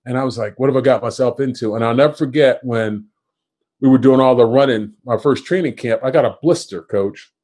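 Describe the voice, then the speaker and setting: A man's voice: mid-range voice, brisk, darkish tone. A man in his fifties from Kentucky, a former football player hosting a podcast and telling self-deprecating stories. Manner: self-deprecating storyteller who quotes others. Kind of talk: casual storytelling interview.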